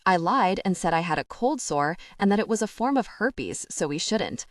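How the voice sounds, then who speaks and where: A woman's voice: fairly low pitch, expressive, normal speed, dry recording, studio quality, distant mic, lightly acted. A woman voicing a nervous, wry young woman who has just come out of a long relationship, sounding flustered and self-deprecating. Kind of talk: audiobook dialogue.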